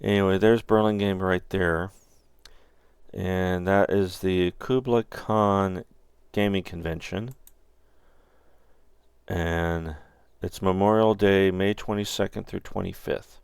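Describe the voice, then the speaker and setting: A man's voice: low voice, steady tone, takes it slowly, gravelly, clean tone, no room sound. A man hosting a gaming channel, chatting casually with his co-host and thinking aloud as he browses. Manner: thinks aloud while browsing, loose and joking. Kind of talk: casual chat.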